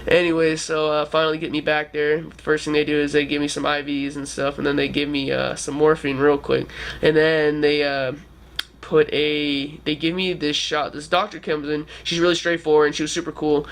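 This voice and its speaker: A man's voice: on the high side, completely flat delivery, moderate pace, a bit bright. A man in his twenties telling a story to camera in a rambling, casual way, with lots of "like" and swearing. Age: 20s. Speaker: vlogger.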